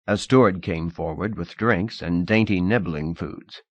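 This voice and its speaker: A man narrating a novel in a measured, expressive audiobook reading. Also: deep voice, no echo, lo-fi sound.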